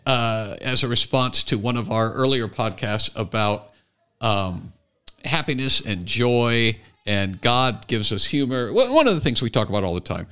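Male comedy podcast host; bright, animated, jokey; reads text deliberately. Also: mid-range voice, smooth. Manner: jokey, laughs often, reads aloud deliberately. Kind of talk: casual podcast chat and quote reading. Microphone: podcast microphone.

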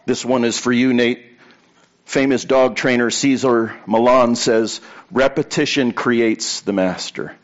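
A man's voice: medium pitch, steady tone, measured pace, highs cut off. A man preaching a sermon to a congregation in a conversational way, telling anecdotes and repeating key points for emphasis. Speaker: pastor.

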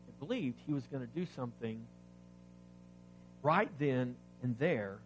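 A man preaching a sermon, reading scripture aloud and explaining it, asking the congregation questions, swinging between loud emphasis and quiet asides. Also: medium pitch, lively intonation, a little slow, soft background music. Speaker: pastor.

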